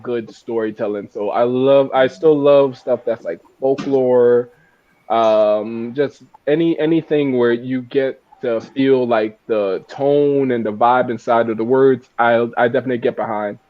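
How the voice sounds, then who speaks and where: A man's voice: medium pitch, steady tone, moderate pace, no room sound, highs cut off. A man on a comedy panel, chatting casually and jokingly, often stammering and restarting. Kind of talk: casual chat. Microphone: video call.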